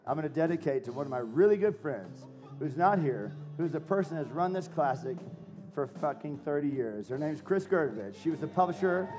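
Brash high-pitched male chef hyping a crowd. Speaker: chef giving a live cooking demo. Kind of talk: live demo to a crowd.

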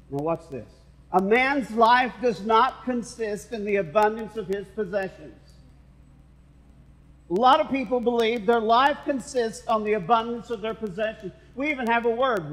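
A man's voice: sits high, long reverb tail, rough recording. A male pastor preaching a sermon, with playful asides to the congregation. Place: church sanctuary.

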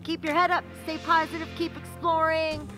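High-pitched woman, cheerful vlog host, cold and shivering, outdoors at night in the woods, music underneath. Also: flat delivery, moderate pace. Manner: upbeat, encouraging, signs off with catchphrases. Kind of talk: casual outdoor vlog chat.

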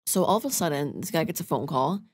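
A young woman rattling off a story at a quick clip, her voice sitting a little low. She co-hosts a casual podcast and tells it animatedly, cursing as she goes. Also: breathy edge. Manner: animated storyteller, swears freely. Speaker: podcast co-host. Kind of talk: casual chat.

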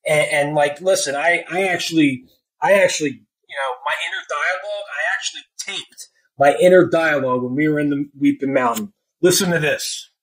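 Excitable slangy man reviewing a book. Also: a little high, fairly quick, low-quality recording. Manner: excitable, slangy, swears, acts out his own inner voice. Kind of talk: casual spoiler-filled book review.

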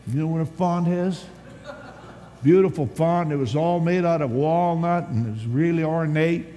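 A man preaching a sermon as a pastor at a church conference, telling stories with animated swings from loud to hushed. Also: on the high side, moderate pace. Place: large church hall at a conference. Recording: long hall reverb, faint background hiss.

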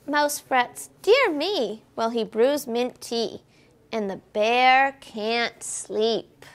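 A woman, a children's librarian, reading a picture book aloud at a library storytime in an expressive, sing-song way, asking the children questions. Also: on the high side, takes it slowly, smooth.

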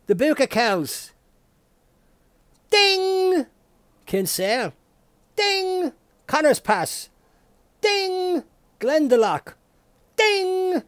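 A man playing a mock game show host in a solo comedy sketch, with excitable patter and his own mouthed ding sounds. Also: high voice, no echo.

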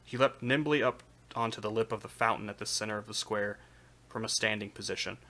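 Brief: man, lowish bright voice, live-stream novel reader, steady narration. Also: fairly quick. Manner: steady narration with occasional slips. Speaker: streamer reading aloud. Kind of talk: live reading of a light novel.

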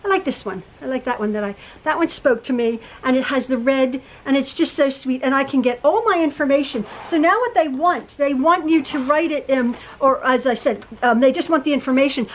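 A woman's voice: high voice, brisk, hardly any pauses, fairly bright tone, rough recording. A woman teaching quilting in a casual, rambling tutorial from her home sewing room, with frequent restarts and fillers.

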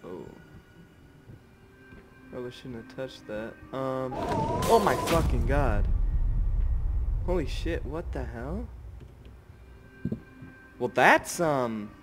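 A young man narrating his horror game run, swearing at every turn and jumping at every scare. His pitch moves around a lot. Clear game music plays behind his voice. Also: expressive, slow pace, pauses often. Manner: jumpy, swears constantly, drops to whispers when scared. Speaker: gamer. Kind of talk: horror game let's play commentary.

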